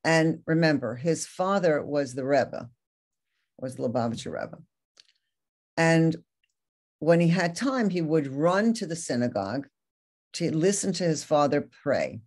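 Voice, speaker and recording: A woman's voice: sits low, darkish tone. A woman Torah teacher giving a lecture, earnestly retelling a story and reading quoted passages aloud.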